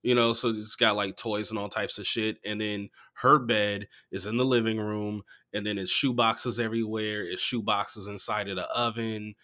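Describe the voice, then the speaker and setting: A man, a comedian, chatting casually on a podcast and telling profane, animated stories that jump into loud outbursts. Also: fairly low pitch, moderate pace, few pauses.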